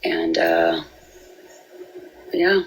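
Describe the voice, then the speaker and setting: A woman with a low, gravelly voice tells an emotional personal story slowly and haltingly, restarting and repeating words. Her pitch swings widely, and faint noise sits under the recording. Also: sing-song, poor audio. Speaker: parent telling her story.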